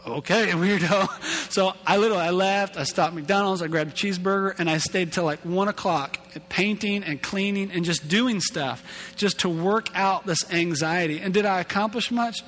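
A male pastor delivers a chatty, self-mocking sermon in a somewhat high voice. His words trail off into a long hall reverb. A faint hum sits underneath. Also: normal speed, fairly bright tone. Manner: casual, self-deprecating, repeats and restarts words. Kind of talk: conversational sermon.

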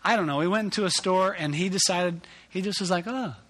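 A man preaches a sermon and leads in with a lively personal story. He pokes fun at himself as a parent. His voice sits slightly higher than most men's. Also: quick pace. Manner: animated storytelling, self-deprecating. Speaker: pastor.

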